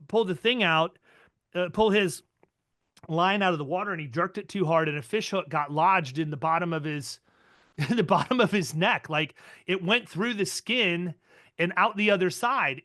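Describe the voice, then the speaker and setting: A man hosting a podcast, telling a story in a casual, animated way with quick bursts of speech. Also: sits high, no room sound, studio quality. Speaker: podcast host.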